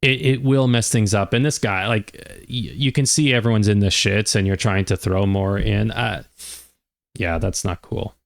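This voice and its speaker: An older man, a retired chef, giving casual reaction commentary with unhurried talk, chuckles and restarts. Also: on the low side, fairly even intonation, vocal fry.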